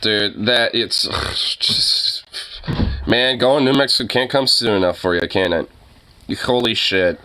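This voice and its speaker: A man's voice: on the low side, measured pace, pushed and bright, smooth. A young man ranting casually, with lots of fillers and swearing, sounding exasperated. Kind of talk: casual profane rant.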